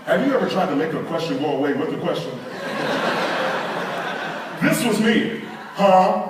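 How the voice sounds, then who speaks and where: A man telling a humorous story to a live audience, animated and full of asides to the crowd. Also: a little high, normal speed, heavy background noise. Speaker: conference speaker. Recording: echoey hall, miked from a distance.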